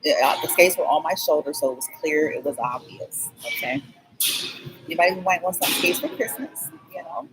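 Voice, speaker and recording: A woman's voice: low voice, animated, moderate pace, over music, rough recording. Chatty woman telling a rambling story. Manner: chatty, keeps checking in with "okay?"; skips details with "blah, blah". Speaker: vlogger.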